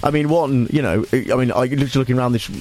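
A man's voice: mid-range voice, fast, darkish tone. A man presenting a talk radio show, bantering playfully and laughing often in the studio.

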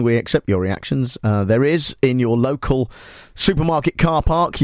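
Deadpan male radio host, dry studio sound. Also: mid-range voice, no echo. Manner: deadpan, mock-serious. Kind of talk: comic radio presenting. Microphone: studio microphone.

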